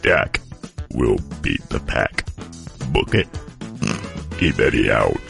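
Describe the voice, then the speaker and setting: A man voicing a terse, blunt pundit in a very deep, croaky morning voice. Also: very animated, takes it slowly, a bit bright, soft background music, full character voice.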